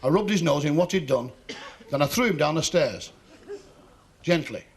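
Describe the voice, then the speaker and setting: Stand-up guy doing one-liners, gravelly voice, old tv tape with loads of hiss. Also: fairly high pitch, animated. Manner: quick one-liners, mock-innocent asides. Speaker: stand-up comedian.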